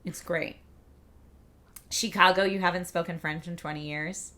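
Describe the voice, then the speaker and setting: A woman's voice: lowish voice, fairly even intonation, normal speed, sharp tone. A woman hosting a livestream, chatting casually and reading out viewer comments in an upbeat, rambling way. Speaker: livestream host.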